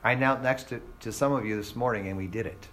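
With a mid-range, fairly bright voice and a fast delivery, a man teaches a Bible class, posing rhetorical questions to students and acting out the voices in quoted exchanges. A little hiss or hum sits under the audio.

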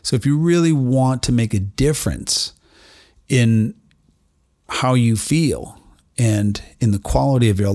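A middle-aged man with a gravelly, creaky edge hosts his own podcast, speaking earnestly and reflectively to the listener. The sound is close and dry, with no room around it. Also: mid-range voice, darkish tone, dry recording. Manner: earnest, self-reflective, addresses listener directly. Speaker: podcast host, doctor treating patients. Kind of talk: solo motivational podcast monologue.

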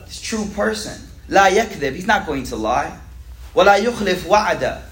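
A man teaching a weekly religious class. He reads classical Arabic lines quickly, then explains them in relaxed, slangy everyday English. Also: high-pitched, slight background noise. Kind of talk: casual religious lesson reading a classical text. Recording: echoey room.

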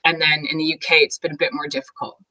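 A young woman from Canada chats freely as an interview guest, talking through her teaching life. Her voice sits a little low for a woman. She fills pauses with "um" and breaks into quick laughs. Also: little pitch movement, pushed and bright, low-quality recording. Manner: chatty, laughs often, many fillers. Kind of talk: casual conversational interview.

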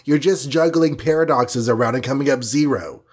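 A man's voice: medium pitch, moderate pace, breathy edge, pitched above the performer's own voice, close to an everyday voice. A man reading a storybook and voicing a brash wisecracking hero, flippant and mocking.

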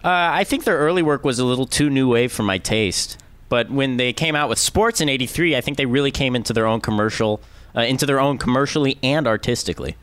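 A man's voice: mid-range voice, fast talker, a bit bright, clean tone, no room sound. A man co-hosting a podcast in casual chat, joking in a mock-serious way. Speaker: podcast co-host.

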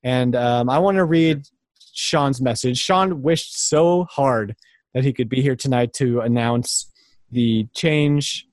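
A man in his thirties chats on a podcast in an easy, rambling, earnest way. His voice sits at a middle pitch and sounds dry and close to the microphone. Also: slow, dry recording. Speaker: podcast co-host. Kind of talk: casual podcast chat.

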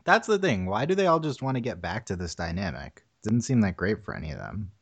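A man co-hosting a casual movie review chat, talking haltingly with dry humor and frequent laughs. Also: fairly low pitch, very animated, husky. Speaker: podcast co-host reviewing a movie.

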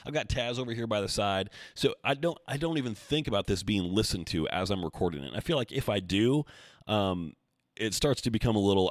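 A man hosting his own podcast as a coach, talking casually and thinking out loud, with self-deprecating asides. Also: on the low side, no echo, clean studio sound. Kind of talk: casual solo podcast talk. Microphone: desk mic, seated.

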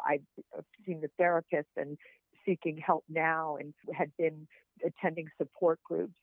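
A woman's voice: low-pitched, gravelly, no echo. A woman guest on a podcast telling personal stories in an earnest, heartfelt, encouraging way. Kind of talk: personal storytelling over a call. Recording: tinny phone-line sound, dry.

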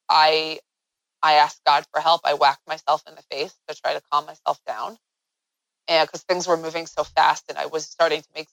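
Interview guest, woman, lower register, earnest storyteller, dry recording. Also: vocal fry, a bit bright, dry recording, poor audio.

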